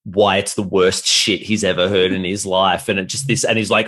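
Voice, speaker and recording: A man's voice: lowish voice, steady tone, a little fast, hardly any pauses, fairly bright tone. A man from Australia, a comedian guest in casual chat, who jokes and laughs as he talks. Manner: laughing, jokey.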